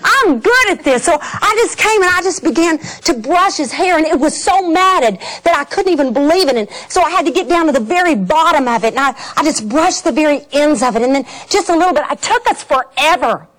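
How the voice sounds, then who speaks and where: A middle-aged woman telling a personal faith story to an audience, animated and laughing, acting out the scenes. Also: high-pitched, brisk, hardly any pauses. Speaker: speaker.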